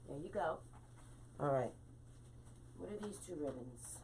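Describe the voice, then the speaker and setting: A woman with a slightly low voice hosts a live wreath-making stream. She chats freely and greets each viewer by name as she works through the tutorial. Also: lively intonation, a little slow, pauses often, a little mellow, slight background noise. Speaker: wreath designer hosting a live craft stream.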